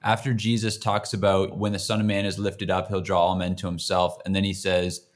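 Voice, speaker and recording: Low-voiced interviewer summing up ideas. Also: male voice, monotone, fairly quick. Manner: thoughtful, summarizing the guest's points. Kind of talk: conversational interview talk.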